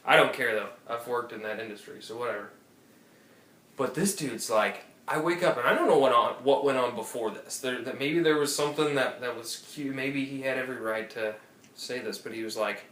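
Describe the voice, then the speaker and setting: Here the co-host speaks briskly in a mid-range, fairly bright voice while telling a rambling, profane story that keeps restarting. The casual podcast was captured off-mic on a phone or tablet in an apartment room, giving roomy audio.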